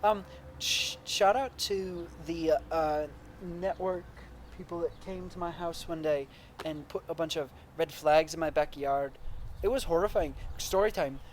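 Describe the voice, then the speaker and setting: Young American guy, fairly high voice, goofy fake Irish accent, playful banter. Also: a little slow, a little hiss or hum. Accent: American attempting Irish. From United States. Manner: joking, hamming up a put-on Irish accent. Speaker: co-host. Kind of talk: casual chat.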